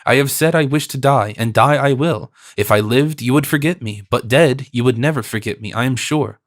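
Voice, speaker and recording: A man's voice: medium pitch, moderate pace, dry recording, clean studio sound, natural voice. A man reading an audiobook, voicing a passionate young nobleman who pleads and protests with rising intensity. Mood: anguished. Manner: impassioned, stammering, pleading.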